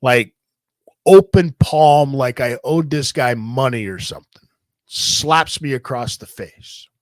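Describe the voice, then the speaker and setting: A man telling a long story in a casual, profane, animated way, often repeating himself. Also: mid-range voice, takes it slowly, no echo, studio quality. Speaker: podcast host telling a wrestling story.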